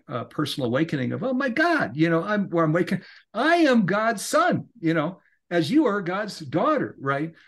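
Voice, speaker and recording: A middle-aged man, a podcast guest, talking in an earnest, rambling way that grows animated when he is inspired. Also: mid-range voice. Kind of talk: casual interview talk.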